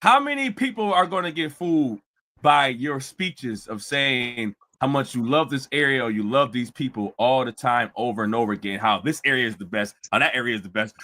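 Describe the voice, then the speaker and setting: A man hosting a live stream, mocking a clip with fast, laughing rants. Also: mid-range voice, expressive, sharp tone. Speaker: host.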